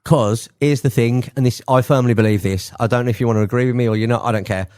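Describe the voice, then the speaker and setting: A man's voice: mid-range voice, steady tone, quick pace, a little mellow, clear, resonant tone. A man co-hosting a radio chat show, talking in a rambling, joking way with lots of restarts. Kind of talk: casual chat.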